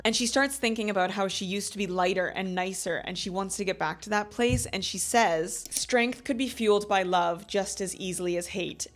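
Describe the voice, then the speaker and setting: A woman's voice: medium pitch, a bit bright. A woman in her thirties hosting a book club, recapping chapters in a chatty, gushing way full of "like" fillers. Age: 30s.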